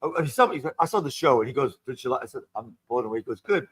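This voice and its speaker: An older man, a guest performer, telling animated, gossipy show-business stories in casual chat and acting out the people he quotes. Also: mid-range voice, very fast, husky, no echo, rough recording. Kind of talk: casual storytelling. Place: radio studio.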